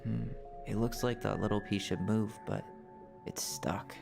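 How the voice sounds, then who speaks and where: A calm young game hero. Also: male voice, fairly low pitch, unhurried, vocal fry. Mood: thoughtful. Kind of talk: video game voice acting. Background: game music.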